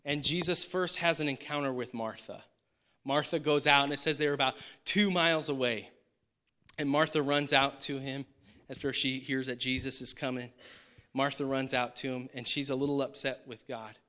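A man's voice: medium pitch, fairly even intonation, moderate pace, pushed and bright, clear, resonant tone. A man preaching a sermon in a conversational, emphatic way, often checking in with the congregation. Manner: conversational, emphatic, frequent rhetorical "right?". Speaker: pastor.

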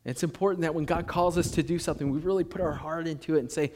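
A man's voice: a little high, rapid-fire. A man preaching a sermon, reading scripture and acting out quoted voices with rising emphasis. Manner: animated, acts out quoted voices, rises loud when emphatic. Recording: long hall reverb.

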